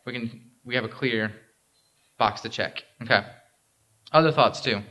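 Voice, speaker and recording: A man's voice: mid-range voice, unhurried, bright, forceful tone. A male pastor giving a conversational sermon in a church. He asks the congregation questions and often checks in with "right?". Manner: casual and interactive, frequent "right?" and "um". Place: church sanctuary.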